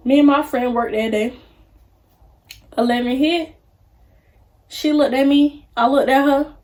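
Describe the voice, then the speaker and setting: Chatty young woman, slightly high voice. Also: fairly even intonation, measured pace, darkish tone. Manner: chatty, acts out quoted people. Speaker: vlogger. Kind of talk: casual storytime.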